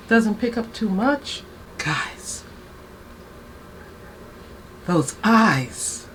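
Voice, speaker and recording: Woman, 60s, beauty vlogger. Unhurried, gushing get-ready-with-me chat, light background hiss. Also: medium pitch. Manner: chatty, excitable, talks to viewers as "guys".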